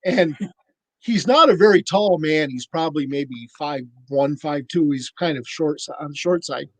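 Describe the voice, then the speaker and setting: Higher-voiced man telling fan stories. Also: normal speed, no echo, low-quality recording. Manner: animated anecdote-teller, acts out quoted voices. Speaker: podcast cohost. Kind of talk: casual storytelling chat.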